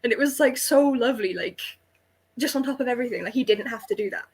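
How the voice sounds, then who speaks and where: A woman's voice: on the high side, fast, a little mellow, husky. A young woman co-hosting a casual chat, telling stories in a rambling way full of fillers. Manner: rambling storyteller, lots of "like". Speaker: podcast co-host.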